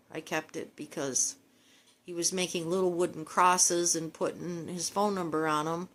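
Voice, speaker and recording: Pleading middle-aged mother. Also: lowish voice. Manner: emotional, pleading, tender; preachy, quotes scripture. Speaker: mother addressing her estranged children. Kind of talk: personal video message.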